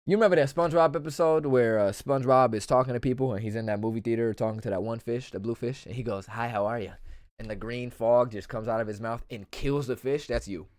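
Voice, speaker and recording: A man's voice: mid-range voice, fast, hardly any pauses, a little mellow, dry recording, clean studio sound. A young man streaming a game, giving crude, slang-heavy, joking commentary.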